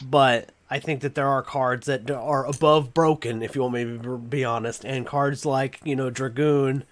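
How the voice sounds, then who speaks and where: A man with a Southern US accent hosting a casual chat, animated and rambling, quick to laugh. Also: mid-range voice. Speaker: host.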